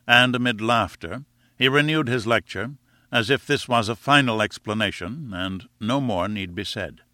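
A man reading a classic novel aloud in measured, expressive storytelling narration. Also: medium pitch, no room sound, clean studio sound. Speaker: audiobook narrator. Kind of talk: scripted narration.

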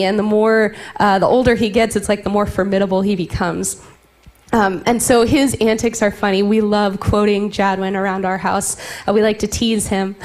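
A woman in her thirties preaching a sermon, telling playful family stories and dropping into whispers for effect. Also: mid-range voice. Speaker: pastor.

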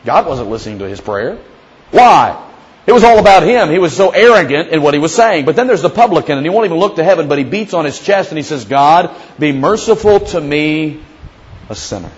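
A man with a somewhat high voice preaches a sermon. He talks to the congregation like a storyteller, leaning into acted quotes of prayers and Bible figures. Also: very animated, quick pace, lo-fi sound. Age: young adult or middle-aged father. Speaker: pastor.

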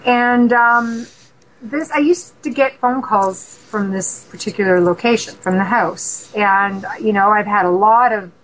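A woman from Canada, a paranormal investigator, telling stories as a radio guest in an animated way and acting out dialogue. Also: medium pitch, a little hiss or hum, low-quality recording. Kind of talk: casual storytelling interview.

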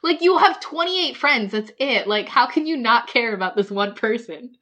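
A woman hosting a podcast, recapping a cartoon episode in a casual, chatty way, full of "like" and quick laughs. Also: fairly high pitch, expressive, bright, forceful tone.

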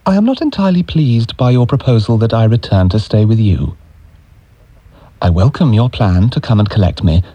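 A man's voice: fairly low pitch, warm tone, husky, no room sound, muffled recording. A man giving an anguished, emotional dramatic reading of letters. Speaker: reader.

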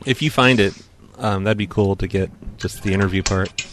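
A man's voice: low-pitched, normal speed, fairly bright tone, faint music behind. A male host in casual banter with friends, laid-back and jokey. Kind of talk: casual banter and prank calls.

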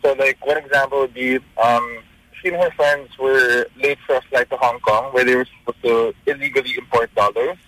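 A man calling in to a radio show, telling a story with halting, hesitant phrasing. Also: medium pitch, steady tone, fairly bright tone, poor audio. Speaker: caller.

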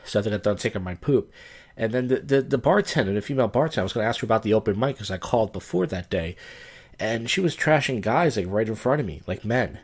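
Drunk man, podcast host, lowish voice, slurred rambling, crude stories. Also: animated, fast talker, slightly rough. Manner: slurred, loose, crude, wandering storytelling. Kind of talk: rambling casual podcast monologue.

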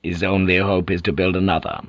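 A shrewd, weary old warlord, played by a male narrator, speaks in a low, measured voice. He weighs every word and commands quietly, recorded dry and close. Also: flat delivery, no echo, muffled recording. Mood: calculating, intimate.

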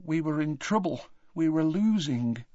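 A man voicing a young woman fighter who speaks in a low, hollow, shaken voice. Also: lively intonation, unhurried, no echo, muffled recording. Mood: grim.

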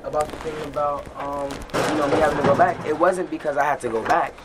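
Brief: mid-pitched speaker, teasing interjections, noisy room. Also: steady tone, fast. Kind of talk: casual chat.

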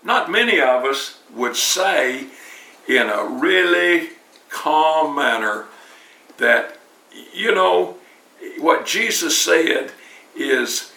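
A man's voice: fairly high pitch, lively intonation, very slow, long pauses, sharp tone. A man preaching a sermon in a church, talking in a conversational way and often repeating words as he restarts. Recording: roomy, distant mic.

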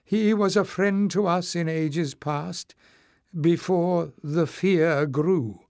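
A man reading an audiobook, voicing an elderly goblin woman who speaks slowly and indignantly. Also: fairly high pitch, darkish tone, clear, resonant tone, voice pushed up. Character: old woman goblin elder, proud and fierce.

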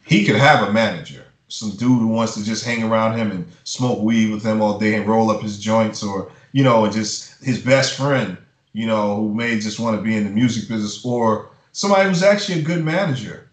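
A man's voice: lowish voice, brisk. A man who works as a music publisher, giving blunt, profane advice in a casual interview and ranting with heat. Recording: roomy echo.

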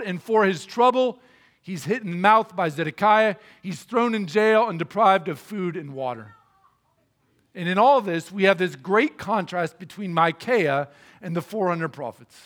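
A man with a high voice preaches a sermon, explaining scripture in plain, conversational terms. He speaks earnestly and with emphasis, pressing his points home. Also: a bit bright. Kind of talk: sermon teaching through a Bible passage.

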